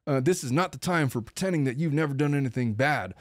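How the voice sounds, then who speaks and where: A man's voice: medium pitch, fast, dry recording, clean studio sound, natural voice. A man reading the words of an angry woman berating her husband, in an insistent, accusing rush.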